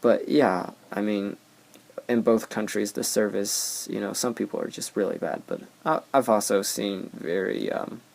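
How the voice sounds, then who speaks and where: A man's voice: fairly low pitch, fairly even intonation, measured pace, gravelly, a little mellow. A young man hosting a casual podcast, telling rambling anecdotes with many fillers. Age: young adult. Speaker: podcast host.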